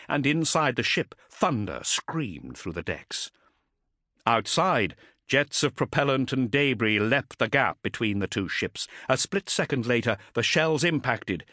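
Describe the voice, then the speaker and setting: A man's voice: mid-range voice, pushed and bright, no echo, clean studio sound. A man reading an audiobook in dramatic, vivid scripted narration.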